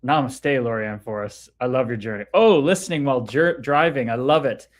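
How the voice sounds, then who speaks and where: A man's voice: mid-range voice, animated, a little fast. A man hosting a livestream in a casual, laid-back way, talking about spirituality and greeting viewers by name as he reads their comments. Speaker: livestream host.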